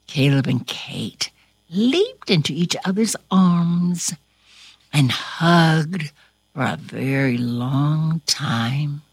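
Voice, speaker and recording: A woman reading a storybook aloud and talking straight to her listeners, with a highly expressive, dramatic delivery. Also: breathy edge, dry recording, clean studio sound.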